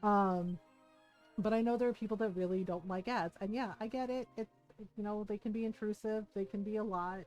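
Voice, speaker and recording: A woman's voice: mid-range voice, steady tone, a little fast, a little mellow, faint music behind. A middle-aged woman streamer chatting casually while gaming, laughing often and swearing freely.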